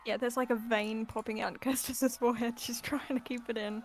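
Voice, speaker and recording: A woman playing in a tabletop game, chatting quickly and giggling often. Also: a little high, level tone, a little hiss or hum. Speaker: player. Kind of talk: casual tabletop game chat.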